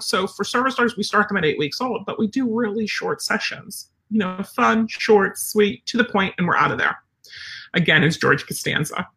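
A dog trainer chatting casually on a live stream, answering viewer comments and acting out little dialogues. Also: mid-range voice. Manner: animated, chatty, acts out dialogues.

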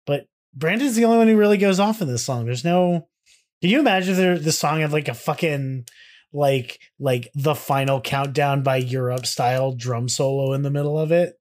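A man co-hosting a casual music podcast, excitable and swearing freely. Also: a little high, normal speed. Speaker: podcast co-host.

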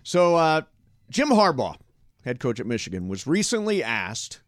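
A man hosting a sports radio show, leading segments with lively patter. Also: mid-range voice, unhurried, no room sound, clean studio sound. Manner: lively, animated host patter.

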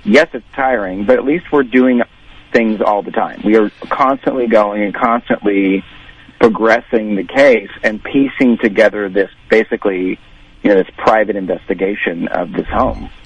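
A man talking in a casual podcast chat as co-host of a paranormal TV show, self-deprecating and quick to wave off praise. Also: fairly low pitch, fairly even intonation, breathy edge, muffled recording.

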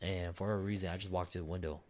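A man with a fairly low voice talks loosely with a friend, tossing in "dude" and swearing. He laughs a lot and reads a listener's eerie story in a plain, conversational way. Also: fairly even intonation, fast talker, a little mellow. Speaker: podcast co-host reading a listener story. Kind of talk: casual chat and story reading.

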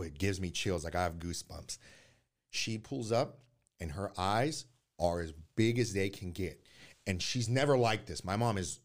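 Deep-voiced man telling his life story. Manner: candid and earnest, with halting restarts. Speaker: podcast guest. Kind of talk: personal life story in conversation.

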